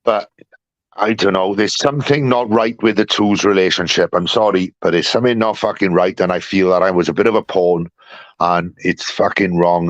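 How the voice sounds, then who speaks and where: A man ranting angrily and profanely to his live-stream community, jumping between loud outbursts and low mutters. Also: no room sound, highs cut off. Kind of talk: angry live-stream rant.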